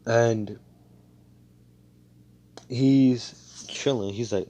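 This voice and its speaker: A man's voice: fairly low pitch, unhurried, mellow, slight background noise. A man casually telling an improvised fan story over a voice call, rambling and profane, full of fillers and self-corrections. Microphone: computer mic on a voice call.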